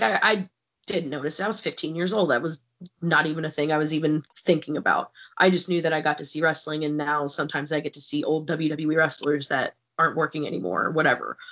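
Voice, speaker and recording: Blunt, swearing woman guest, lower voice. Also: a bit bright. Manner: candid, swears freely, acts out quoted people. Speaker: podcast guest. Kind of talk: casual podcast storytelling.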